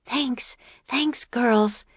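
Woman voicing a brave little storybook girl, very high, eager with ideas. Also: gravelly, slightly rough, dry recording, clean studio sound, heavily acted. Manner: eager, quick suggestions. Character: young girl, bold and curious.

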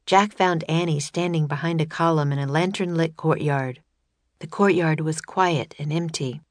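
A woman narrating a children's audiobook in a steady, measured reading voice. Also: low voice, no echo.

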